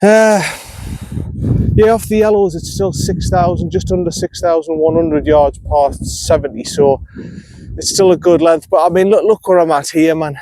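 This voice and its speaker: A man from North East England gives running commentary on his outdoor golf round, frustrated and self-critical as he talks through each shot. His slightly high, mellow voice keeps a moderate pace, with a little hiss or hum in the recording.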